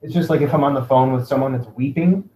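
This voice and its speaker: A man's voice: medium pitch, quick pace, dark tone. Wry joking man in an echoey room. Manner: wry, jokey interjections. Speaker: podcast co-host. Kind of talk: casual chat.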